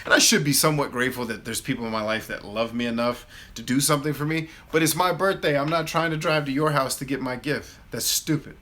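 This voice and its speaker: A man in his thirties hosting a live Q&A, telling a casual story in an animated way and acting out his own replies. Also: mid-range voice, fast talker, hardly any pauses. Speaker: host of a live Q&A.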